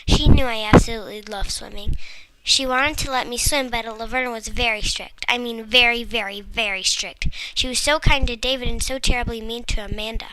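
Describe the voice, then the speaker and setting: A woman reading a first-person children's story aloud in a lively, playful way. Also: a little high, fairly quick, slight background noise, poor audio. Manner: lively, playful storybook narration with comic similes.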